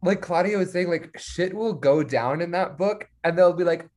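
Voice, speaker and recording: Animated woman acting out book scenes. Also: lowish voice, unhurried, few pauses. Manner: animated, acts out characters' lines while retelling. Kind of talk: casual chat.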